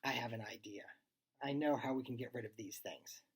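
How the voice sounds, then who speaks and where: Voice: mid-range voice, a little fast, breathy edge, natural voice. A reader doing a clever kid laying out a plan. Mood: scheming.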